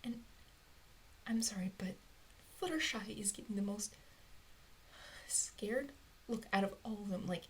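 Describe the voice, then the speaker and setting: Brief: woman, mid pitch, rambling self-talk, slips into whispers. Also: unhurried, long pauses, a little hiss or hum. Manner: rambling, often drops to a whisper. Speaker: fan theorist. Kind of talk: thinking aloud to herself. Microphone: close mic, recorded alone.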